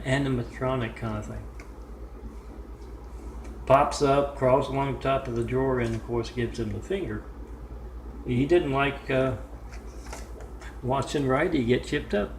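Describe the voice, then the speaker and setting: A man telling a home-made story in a meandering way, full of "uh" pauses and side remarks, recorded in a room at home. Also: medium pitch, gravelly. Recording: echoey room with faint noise.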